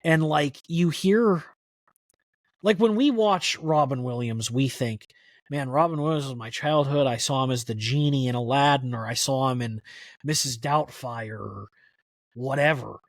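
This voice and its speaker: A man's voice: mid-range voice, measured pace, no echo, studio quality. A man guest on a podcast, telling stories in a casual, rambling way, full of "like" fillers. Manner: rambling, many "like" fillers, animated retelling. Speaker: podcast guest, country music historian. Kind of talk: casual conversational storytelling.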